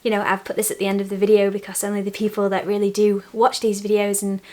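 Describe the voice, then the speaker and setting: A young woman vlogging from her bedroom at home, chatting candidly to camera and laughing softly between thoughts. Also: mid-range voice, monotone, fast talker. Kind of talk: casual chat to camera.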